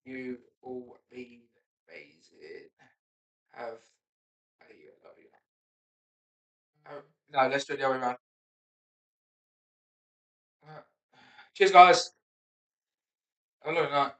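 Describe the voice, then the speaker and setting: A man's voice: mid-range voice, a little slow, long pauses, pushed and bright. A man, a stand-up comedian rehearsing his set aloud, self-mocking and sweary, muttering asides between punchlines. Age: 30s. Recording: roomy and distant.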